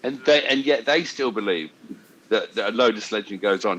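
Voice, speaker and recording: A man telling cricket stories on a podcast, animated and lapsing into voices for the people he quotes. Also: fairly low pitch, normal speed, slight background noise, poor audio. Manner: animated, slips into voices for anecdotes. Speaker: co-host. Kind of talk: casual podcast storytelling.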